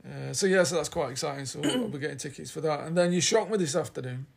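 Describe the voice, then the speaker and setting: A man's voice: a little high, expressive, quick pace, gravelly, slightly rough. A man with a Yorkshire accent co-hosting a podcast, chatting casually in a rambling, teasing way. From Yorkshire, England. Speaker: podcast co-host. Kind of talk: casual chat.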